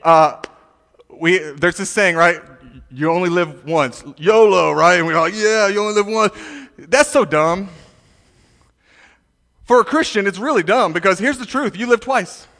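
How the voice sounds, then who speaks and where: A man preaching a sermon to a youth congregation, emphatic and animated, with frequent repetitions and restarts. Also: high voice, unhurried, long pauses. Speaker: pastor. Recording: reverberant hall.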